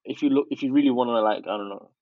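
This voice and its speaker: A man's voice: medium pitch, racing, no room sound, narrow, tinny audio. A young man, chatting casually with lots of fillers and restarts. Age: young adult. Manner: hesitant, full of fillers and slang. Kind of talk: casual chat.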